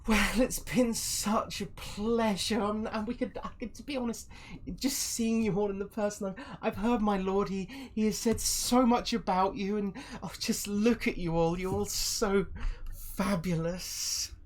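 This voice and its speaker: A man's voice: high voice, steady tone, unhurried, pitched above the performer's own voice. A man voicing a fawning, playfully threatening woman cultist in a skull mask, with a gushing, sing-song delivery.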